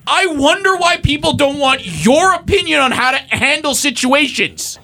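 A man's voice: very high-pitched, sing-song, normal speed, hardly any pauses, pushed and bright, dry recording. A young man co-hosting a sports podcast, ranting sarcastically and swearing as he builds up heat. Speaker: podcast co-host. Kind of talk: casual sports podcast rant.

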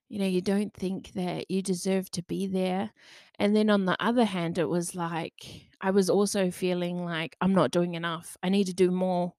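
A woman's voice: lowish voice, a little mellow, dry recording, studio quality. A young woman talking candidly in a loose, chatty way, full of fillers and the odd swear word. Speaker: podcaster. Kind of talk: candid personal monologue.

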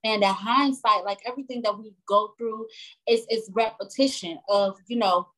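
Woman chatting loose, kinda high voice, keeps asking "you get me", laid back. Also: moderate pace, poor audio. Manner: relaxed, fillers like "you get what I'm saying". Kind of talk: casual chat.

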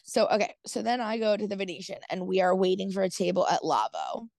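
A woman podcast host tells a story in loose, casual chat, stacking up "like" and "dude" and cursing offhandedly. Her voice sits at a middling pitch and is recorded dry and close, with no room sound around it. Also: lively intonation, fast talker, vocal fry, a little mellow, dry recording. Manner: rambling, heavy use of "like" and "dude", swears casually.

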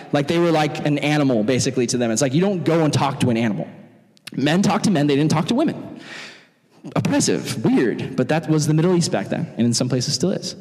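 Young guy preaching casually to youth, high-ish voice, lots of hall echo. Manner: chatty, animated, acts out quotes. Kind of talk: casual storytelling sermon.

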